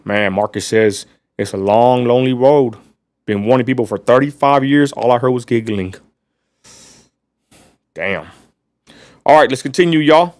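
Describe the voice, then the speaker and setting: A blunt West Texas man rants on his livestream and keeps turning back to his viewers. His voice sits at a middle pitch. The sound is dry and close, with no room echo. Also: moderate pace, long pauses, a little mellow. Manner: blunt, ranting, addresses viewers as y'all. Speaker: livestream host. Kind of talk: casual livestream rant.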